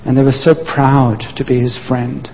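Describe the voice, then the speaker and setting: A man's voice: mid-range voice, little pitch movement, moderate pace, creaky, slight background noise. A man preaching a sermon, telling the story vividly and briefly acting out the voices of the people in it. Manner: storytelling, acts out voices of disciples. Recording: dull sound, long hall reverb.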